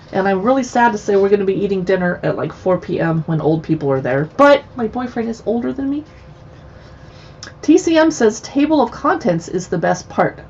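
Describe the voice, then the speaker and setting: A woman's voice: medium pitch, darkish tone, a little hiss or hum. Chatty woman hosting a lo-fi livestream. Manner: chatty and playful, joking asides. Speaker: livestream host. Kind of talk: casual livestream chat.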